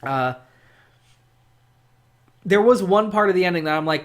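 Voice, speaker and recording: Rambling, excitable gaming host. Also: mid-range voice, a little slow, pauses often. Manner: rambling, fills speech with "like", restarts sentences; swears freely, excitable. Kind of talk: casual unscripted game discussion monologue.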